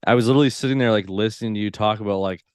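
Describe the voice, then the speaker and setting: A man's voice: lowish voice, very fast, darkish tone, clean tone, dry recording, studio quality. A man hosting a podcast, talking loosely and effusively, peppering his speech with "like". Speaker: podcast host. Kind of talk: casual podcast conversation.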